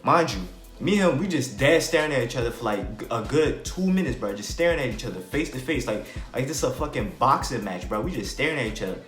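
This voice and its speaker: Speaking fast with few pauses, this young vlogger from New Jersey has an animated mid-range voice. His rambling, slangy storytime is full of "bro" and "like," recorded in a roomy room with faint background music.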